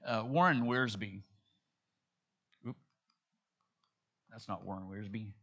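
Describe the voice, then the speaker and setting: A man's voice: on the low side, slow pace, bright, forceful tone, muffled recording. A man preaching a sermon, reading scripture and retelling it in casual everyday dialogue, with frequent restarts. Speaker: pastor. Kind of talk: sermon, expository Bible teaching.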